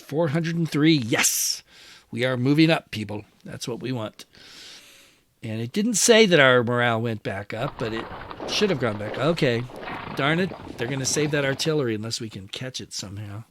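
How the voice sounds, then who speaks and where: A man's voice: medium pitch, lively intonation, moderate pace, a bit bright, dry recording. A man hosting a strategy game play-through, musing aloud and talking to his units as he moves them. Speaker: wargame channel host.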